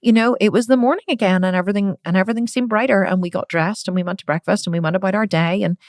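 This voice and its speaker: A woman's voice: medium pitch, very fast, no echo, clean studio sound. A middle-aged woman hosting a podcast, telling a personal story in an earnest, emotional way and repeating phrases for emphasis. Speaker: podcast host. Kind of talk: personal reflective monologue.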